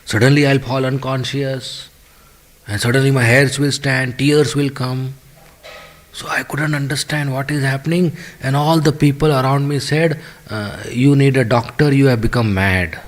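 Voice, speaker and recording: A man's voice: medium pitch, steady tone, normal speed. A man giving a devotional scripture class in a temple, telling a story with acted-out voices and chanted verses. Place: temple hall.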